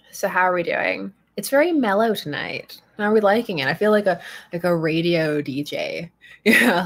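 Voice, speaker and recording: Husky-voiced woman host, lower pitch, casual and giggly live-chat energy. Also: big pitch swings, moderate pace. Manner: chatty, rambling, laughs often. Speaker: fandom channel host.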